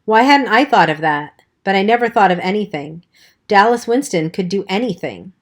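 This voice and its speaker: A woman reading a novel aloud as an audiobook narrator, in a steady storytelling manner. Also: mid-range voice, moderate pace. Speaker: audiobook reader. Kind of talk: scripted narration.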